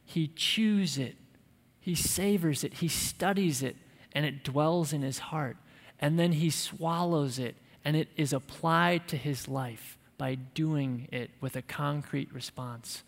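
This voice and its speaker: A man's voice: a little high, slow, vocal fry, big-room sound. A man preaching a sermon to men, emphatic and conversational, with touches of light humor. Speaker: pastor.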